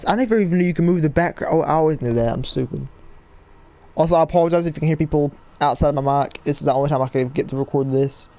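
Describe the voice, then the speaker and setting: A young man rambling excitedly to viewers as he plays a game, recorded at home with game music behind him. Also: a little high. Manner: excitable, rambling, talks to viewers while playing. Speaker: gaming YouTuber. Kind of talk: casual let's-play commentary. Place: home room, people audible outside.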